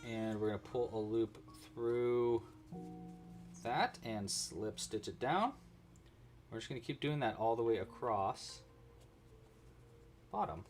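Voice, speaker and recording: A man's voice: mid-range voice, slow pace, long pauses, soft background music. A man hosting a casual crochet livestream tutorial, narrating his own handiwork with chatty, playful asides to viewers. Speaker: crochet instructor.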